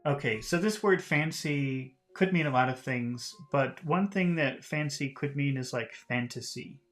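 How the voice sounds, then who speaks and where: A man teaching English, reading a novel aloud and explaining vocabulary in a relaxed way, with many fillers and restarts. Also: medium pitch, measured pace, faint music behind.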